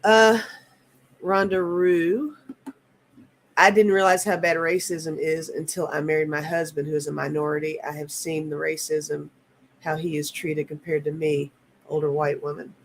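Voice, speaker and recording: A woman in her fifties hosting a live tarot stream, talking in a halting, earnest way and reading viewer comments aloud. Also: low voice, level tone. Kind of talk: casual live-stream chat.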